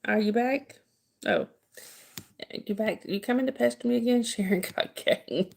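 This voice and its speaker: A woman's voice: fairly high pitch, moderate pace, creaky. A woman hosting a casual live stream, greeting viewers and teasing them with frequent laughter.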